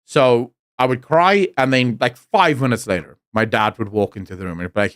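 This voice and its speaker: A man's voice: mid-range voice, moderate pace, few pauses, a bit bright, no room sound, clean studio sound. A man with a South African accent, a streamer telling blunt, profane stories in casual chat.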